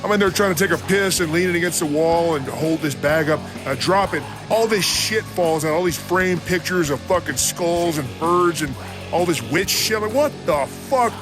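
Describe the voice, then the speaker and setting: A man's voice: a little high, moderate pace, over music. A man hosting a podcast, telling a rambling, profane story in blunt casual talk. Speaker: podcast host.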